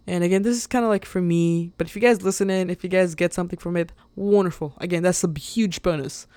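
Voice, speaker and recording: Fairly low-pitched and dark in tone, a woman's voice moves at a quick pace as she hosts her own podcast. Her solo monologue is casual, rambling and heartfelt, laced with fillers and brief laughs, and openly emotional. No echo is present.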